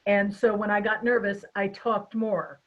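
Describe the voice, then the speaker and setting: An expressive, chatty woman hosting a webinar over a video call. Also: mid-range voice, a little slow, muffled recording. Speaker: webinar host. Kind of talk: casual webinar chat.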